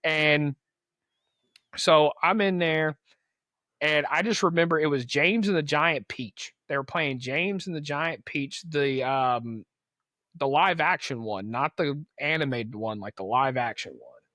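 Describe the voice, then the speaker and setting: A man's voice: fairly high pitch, unhurried, sharp tone, dry recording, studio quality. A young man on a podcast telling a story in a casual, slangy way, acting out the people he quotes. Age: young adult. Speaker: podcast co-host.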